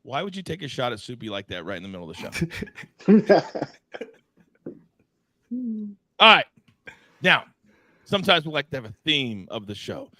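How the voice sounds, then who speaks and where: Bright-voiced playful sports show host. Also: male voice, mid-range voice, a little fast, long pauses, no room sound. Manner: playful, teasing, animated. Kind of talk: live sports betting show banter.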